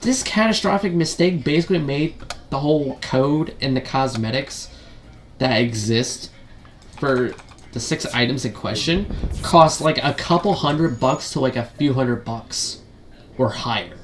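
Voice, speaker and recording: A man's voice: medium pitch, unhurried, slight background noise. A man ranting as a gaming video commentator, frustrated and profane, full of rhetorical questions and repeated fillers.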